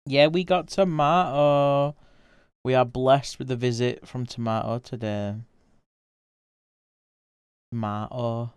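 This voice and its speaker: Male streamer, relaxed and rambling, smooth clear voice, dry close sound. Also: medium pitch, takes it slowly, pauses often, dry recording. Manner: easygoing, rambling, chatting with viewers. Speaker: livestreamer. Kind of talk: casual livestream chat while drawing.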